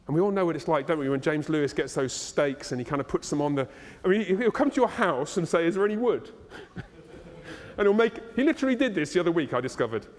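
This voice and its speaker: Animated pastor preaching in a reverberant hall. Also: male voice, a little high, quick pace. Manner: animated, playful storyteller. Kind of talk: sermon. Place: church hall, live congregation. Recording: long reverb of a church hall.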